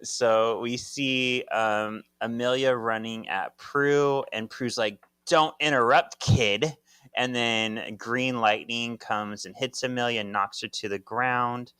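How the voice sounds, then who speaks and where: A man's voice: medium pitch, steady tone, slow, hardly any pauses, bright, forceful tone, smooth, dry recording. A man co-hosting a podcast, chatting casually about a comic's plot in a nerdy, jokey way and trying out character voices. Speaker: podcast co-host. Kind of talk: casual chat retelling a comic.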